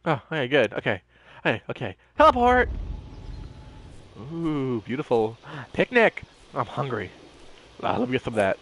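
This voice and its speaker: A man's voice: mid-range voice, wildly swooping pitch, normal speed, pauses often, a bit bright, slight background noise. A man giving casual let's-play commentary, playful and jokey, talking to himself as he explores. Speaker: gameplay commentator.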